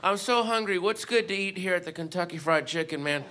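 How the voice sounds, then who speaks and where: A man voicing a dim, hungry fast food customer who whines his order through giggles, in a comedy bit. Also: sits high, sharp tone, pitched above the performer's own voice. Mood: greedy pleading.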